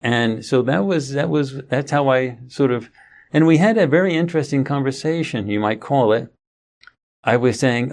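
A middle-aged interview guest tells a long story conversationally, rambling and restarting often. His mid-range voice has a darkish tone and a moderate pace.

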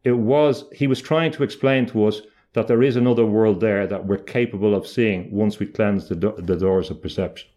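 A man's voice: lowish voice, fairly even intonation, normal speed, few pauses, warm tone. A middle-aged man speaking about mystical ideas in a thoughtful, lecture-like way, often restarting and repeating words.

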